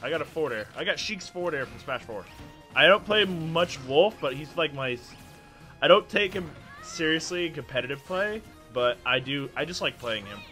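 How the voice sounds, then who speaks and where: A man hosting excited gameplay commentary, yelling and laughing at the plays. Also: on the high side, moderate pace, soft background music. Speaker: gaming channel host.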